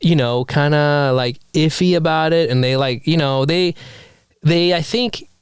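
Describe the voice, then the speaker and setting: Smooth-voiced male podcast host. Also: a little high, dry recording. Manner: relaxed, full of fillers and quick reactions. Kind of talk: casual podcast chat.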